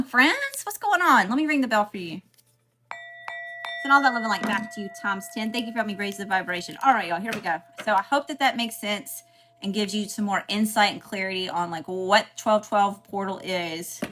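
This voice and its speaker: Bright-voiced woman on a spiritual livestream. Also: mid-range voice, normal speed, faint music behind. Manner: chatty, greets viewers by name, says y'all. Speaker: spiritual reader hosting a livestream. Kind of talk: casual livestream chat.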